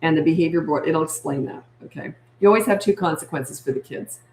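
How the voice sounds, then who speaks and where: Chatty older woman, lowish voice, echoey room. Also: fast, a little mellow, a little hiss or hum. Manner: chatty, emphatic, repeats key points. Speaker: parenting coach. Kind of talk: live-stream Q&A, answering viewer comments.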